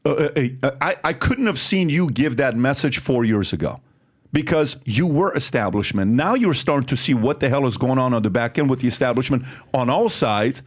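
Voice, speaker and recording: A man's voice: mid-range voice, lively intonation, fairly quick. A man hosting a casual interview, asking blunt, rambling questions with many restarts. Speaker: podcast host.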